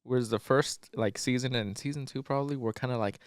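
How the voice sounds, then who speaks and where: A man co-hosting a casual podcast, talking in a loose, rambling way full of fillers and swearing. His voice sits at an average pitch. It sounds dry and close to the mic. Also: fairly quick, smooth, dry recording. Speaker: podcast co-host. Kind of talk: casual chat.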